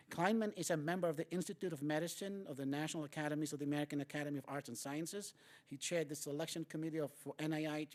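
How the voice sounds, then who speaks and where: A man's voice: a little high, a little mellow. Man reading a speaker introduction. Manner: reading a list, with fillers and asides. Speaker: event host introducing a speaker. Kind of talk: formal introduction.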